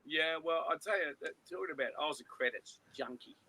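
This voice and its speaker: A man's voice: fairly high pitch, a little fast, sharp tone, slight background noise, poor audio. A man in his fifties with an Australian accent, co-hosting a casual chat and speaking bluntly. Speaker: podcast co-host.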